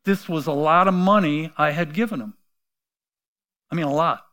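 A middle-aged pastor preaches a sermon, telling a personal story and acting out the voices he quotes. He swings between quiet asides and loud outbursts, his voice on the high side at a moderate pace.

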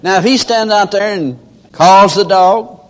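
A man's voice: high voice, measured pace. An older man preaching a sermon in a folksy storytelling manner, acting out everyday characters. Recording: long hall reverb.

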